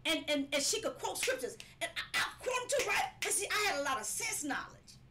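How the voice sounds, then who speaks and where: A woman's voice: extremely high pitch, big pitch swings, fairly quick, heavy background noise. A woman preaching a live-streamed sermon, emphatic and repetitive, sometimes breaking into laughing cries.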